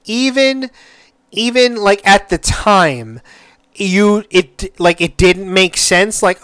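A man hosting a solo podcast, gushing excitedly, cursing freely and stumbling over restarts. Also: high voice, slow pace, clear, resonant tone, dry recording. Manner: excitable, gushing, swears a lot, stammers and restarts. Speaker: podcast host.

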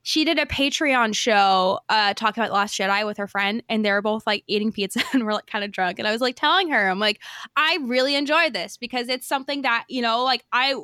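A young woman chats on a podcast, bubbly and rambling, with lots of "like" in her speech. Her voice sits a bit high, bright and crisp. The sound is close and dry. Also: a little fast, no room sound. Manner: chatty, bubbly storytelling full of fillers. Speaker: podcast co-host. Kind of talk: casual chat.

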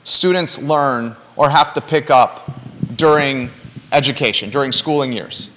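Bright-voiced blunt talk show host, man. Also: mid-range voice, measured pace, big-room sound, slight background noise. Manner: blunt, emphatic, joking asides. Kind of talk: opinionated live talk show.

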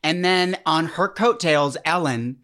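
This is an easygoing podcast co-host with a voice at an ordinary middle pitch. The talk is relaxed and agreeable, with plenty of quick agreement and laughter. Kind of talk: casual chat.

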